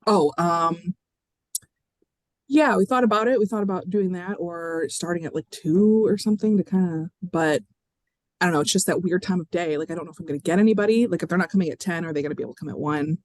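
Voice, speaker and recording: A woman's voice: fairly low pitch, fast talker, no room sound. A woman from library staff asking for advice in a roundtable discussion, chatty and filling her talk with "like" and small laughs. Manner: chatty, many "like" fillers, laughs while talking.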